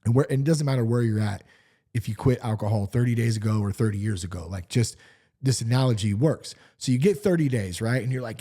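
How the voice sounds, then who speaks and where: Animated, candid man hosting a podcast. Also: mid-range voice, quick pace. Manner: animated, candid, swears freely. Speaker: podcast host. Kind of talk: casual solo podcast talk.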